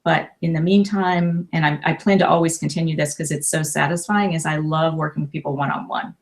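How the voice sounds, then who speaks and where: Woman in her 50s gushing about coaching, gravelly fry in her voice, pretty flat pitch. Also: a little fast. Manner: effusive, emotional, many restarts. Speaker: life coach and author. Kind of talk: casual interview chat.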